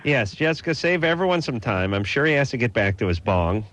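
A man's voice: mid-range voice, very animated, a little fast, fairly bright tone. A man hosting a radio call-in show, giving advice with playful teasing and jokes. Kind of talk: joking advice talk.

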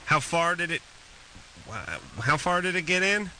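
A man's voice: a little high, sing-song, a little slow, pushed and bright, a little hiss or hum, poor audio. A man hosting a call-in advice show, rambling and joking with sports comparisons. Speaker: radio show host.

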